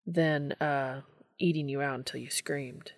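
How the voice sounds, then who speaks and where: A woman reading the part of an adult man in a story, speaking low and rough with hesitant fillers. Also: steady tone, measured pace. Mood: flustered. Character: rough-voiced adult man, flustered lover.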